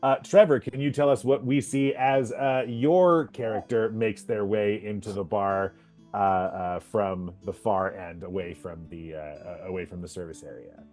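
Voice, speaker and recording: A man narrating as game master of a tabletop game, halting, with many fillers and frequent laughs. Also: on the low side, fairly even intonation, darkish tone, soft background music.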